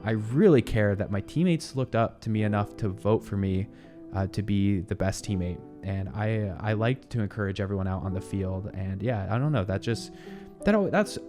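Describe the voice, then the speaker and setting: A man's voice: lowish voice, lively intonation, brisk, over music. A man in his twenties hosting a casual good-news show, chatting and reacting to video clips in an upbeat, rambling way with frequent laughs. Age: 20s.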